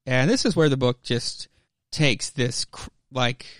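A man's voice: medium pitch, lively intonation, measured pace, a bit bright, no room sound. Guy rambling through a comic recap, lots of "like", swears, dry close mic. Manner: rambling, many "like" fillers, swears. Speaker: podcast host. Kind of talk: casual comic book recap.

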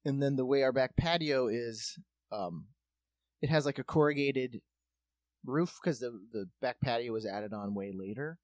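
Swearing freely, a man spins a long story in casual comedic chat, animated and acting out what other people said. His pitch sits in the middle and he talks at a normal speed. There's no room sound on the recording.

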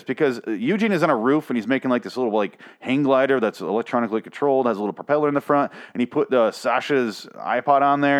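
A man reviewing a TV episode in a fast, profane, exasperated rant that rambles from point to point. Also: medium pitch. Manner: speaks quickly.

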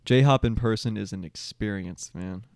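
A man's voice: lowish voice, normal speed, a little mellow, no room sound, studio quality. A young man co-hosting a podcast, joking around, playfully stubborn and laughing often. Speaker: podcast co-host. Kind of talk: casual chat.

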